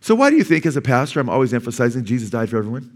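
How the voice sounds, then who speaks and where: A man's voice: mid-range voice, sing-song, racing. A man of sixty, a pastor, preaching a sermon at a church service. He keeps asking the congregation questions, waits for them to answer, and repeats key phrases for emphasis. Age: 60s.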